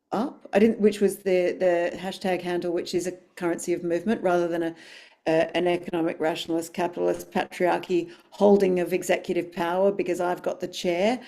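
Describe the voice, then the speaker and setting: A woman's voice: on the low side, warm tone. A woman, a dialogue coach speaking on a webinar panel over a video call, effusive and emphatic.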